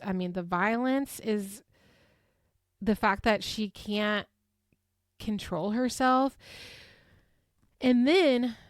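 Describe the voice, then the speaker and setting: A woman in her thirties, hosting a podcast and retelling events in a chatty, animated way, full of fillers. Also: a little high, clear, resonant tone, no room sound, clean studio sound. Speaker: podcast host. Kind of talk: casual recap chat.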